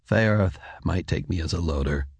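A man reading an audiobook, voicing a stocky, weary father in a quiet, steady voice. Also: low-pitched, moderate pace, gravelly, breathy edge, dry recording, voice pushed down, full character voice. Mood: stoic. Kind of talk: audiobook character voice.

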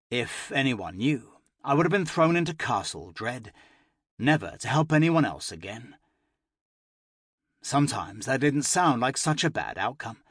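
A man narrating a first-person fantasy audiobook with expressive, emotional delivery. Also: mid-range voice, husky, dry recording, clean studio sound.

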